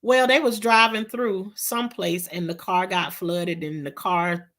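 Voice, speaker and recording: A woman's voice: fairly low pitch, steady tone, measured pace, a bit bright. A middle-aged woman, telling a storytime vlog in an emphatic, exasperated way. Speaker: vlogger.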